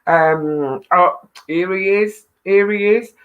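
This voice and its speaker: A woman's voice: on the low side, slow pace, phone-quality sound. A middle-aged woman hosting a casual live stream, greeting viewers and reading their comments in a chatty, self-deprecating way with frequent laughs and ums.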